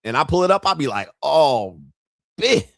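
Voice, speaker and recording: A man's voice: on the high side, very animated, very fast, bright, forceful tone, dry recording, clean studio sound. Profane joking male stream host. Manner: profane, joking, acts out quoted voices. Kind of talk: casual live-stream rant. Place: home studio.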